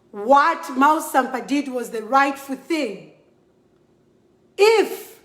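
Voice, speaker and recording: Angry Zambian woman vlogging straight to camera, high voice, slow, emphatic delivery. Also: echoey room. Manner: emphatic, repetitive, switching between English and a local language. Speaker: model addressing followers. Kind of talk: impassioned vlog to camera.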